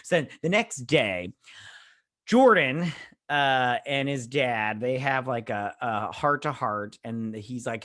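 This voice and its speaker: A man hosting a casual review show, recapping an episode in a rambling, slangy way and slipping into quick acted quotes. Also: mid-range voice, lively intonation, sharp tone.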